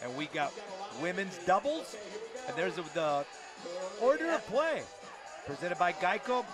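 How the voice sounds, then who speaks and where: A man's voice: big pitch swings, measured pace, over music, a crowd in the background. A man doing tennis broadcast commentary from an outdoor venue, upbeat and promotional, calling out scores and standings. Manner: upbeat, promotional, shouts out highlights. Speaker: play-by-play commentator.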